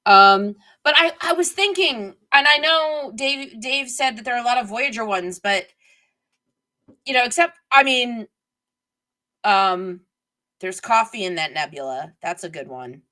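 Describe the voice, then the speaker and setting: A woman's voice: a little high, animated, measured pace, sharp tone. A middle-aged woman hosting a live stream, chatting casually and digressively while reading viewer comments.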